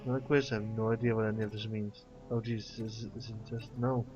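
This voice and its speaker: A man's voice: on the low side, flat delivery, fast talker, close to an everyday voice. A man reading the lines of a confused young girl in a video game in his own voice, flustered and unsure. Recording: dull lo-fi mic with faint game music.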